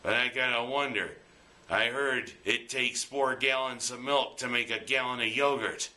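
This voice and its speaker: A man's voice: medium pitch, sharp tone. A man giving plainspoken, earnest weekly commentary from a script. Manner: plainspoken, earnest, slow and deliberate. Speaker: local sports and opinion commentator.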